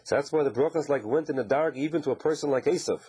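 A man's voice: fairly high pitch, fast talker, dark tone, breathy edge, rough recording. A man giving an informal Torah lesson, posing questions and then answering them in a conversational, explaining way. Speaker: Torah teacher.

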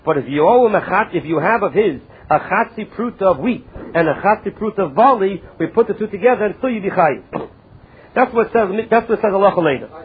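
High-voiced man teaching Talmud, tinny sound. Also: lively intonation, slight background noise. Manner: reads Aramaic text slowly, then explains in English. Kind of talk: Talmud study lecture. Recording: tinny phone-like lo-fi recording.

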